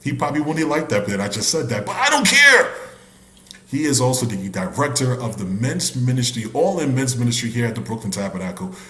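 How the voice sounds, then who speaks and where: A man hosting a church men's ministry live stream, animated and chatty, with many restarts and shout-outs. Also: medium pitch, quick pace, hardly any pauses, roomy sound. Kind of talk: upbeat casual hosting.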